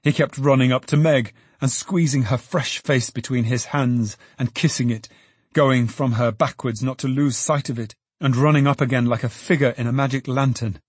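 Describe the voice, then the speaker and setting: Husky man narrating an audiobook. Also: medium pitch, moderate pace, no echo. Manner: expressive storyteller, lively.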